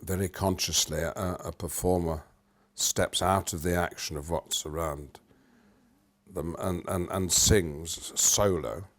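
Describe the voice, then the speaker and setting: An older man from Britain, an actor in an interview, explaining with animated swings between loud and soft and humming rhythms as he goes. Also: sits low, slow.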